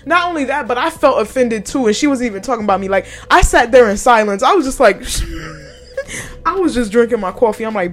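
Young woman, podcast host, high voice, very lively pitch, cussing, laughing a lot, casual chat. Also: brisk, soft background music. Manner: profane, animated, laughs often.

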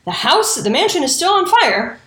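A woman's voice: high voice, very animated, moderate pace, pushed and bright, roomy sound. A woman telling a history story in a casual, profane way, with indignant and sarcastic asides. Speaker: true crime storyteller.

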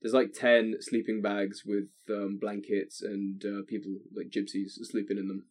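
A young man with a lowish voice tells a story in casual chat, swearing freely and circling back over his own words. He speaks into a desk microphone. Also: monotone, unhurried. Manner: swears a lot, rambling with restarts. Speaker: podcast co-host telling a story.

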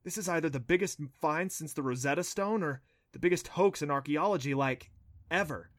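A man voicing a sharp, skeptical young girl who scoffs and doubts, in a dry storybook reading. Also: on the high side, dry recording, pitched above the performer's own voice, close to an everyday voice. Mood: scoffing. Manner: indignant, quick to scoff.

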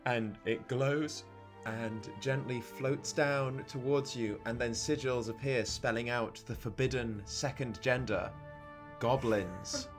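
A man's voice: medium pitch, fairly even intonation, slow, music in the background. A man running a tabletop game as game master, narrating scenes in a playful way and laughing often.

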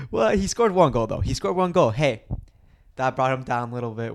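A young man hosting a casual solo soccer podcast, excitable and rambling, swearing often as he reacts. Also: on the high side, a little slow. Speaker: podcast host.

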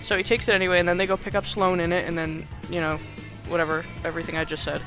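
A man's voice: fairly high pitch, level tone, fast talker, music in the background. A man hosting a podcast, casually recapping a movie in a rambling, chatty way with frequent laughs. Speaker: podcast host. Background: movie soundtrack playing faintly.

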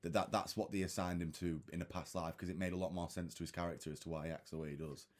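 Very low-voiced, blunt man. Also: steady tone, fast talker, a little mellow. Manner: blunt, swears freely, heated opinions. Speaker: film discussion co-host. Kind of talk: casual chat.

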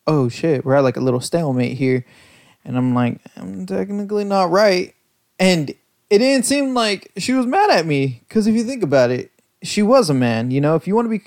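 Young guy doing a solo podcast, kinda high voice, tired and sluggish, rambles a lot and roasts himself. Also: darkish tone. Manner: rambling, self-mocking, loose storytelling with lots of fillers. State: tired and lethargic. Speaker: podcast host.

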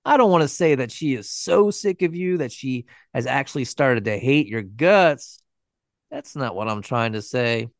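A man's voice: medium pitch, no echo, studio quality. A man voicing a sadistic, taunting adult killer who mocks and gives orders in a true-crime story reading. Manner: mocking, cruel, commanding.

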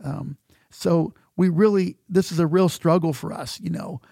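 Pastor, middle-aged man, gravelly and mellow, dry close sound. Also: fairly high pitch, steady tone, no room sound. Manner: earnest, halting with frequent repeated words. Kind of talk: conversational teaching talk.

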